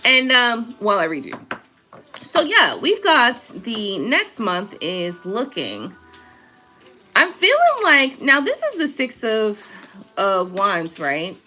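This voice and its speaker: A woman's voice: on the high side, huge pitch swings, slow, sharp tone, faint music behind. A young woman giving a casual live tarot reading, chatty and prone to laughing and swearing, with features. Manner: chatty, laughs often, swears, reads viewer comments aloud. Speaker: tarot reader.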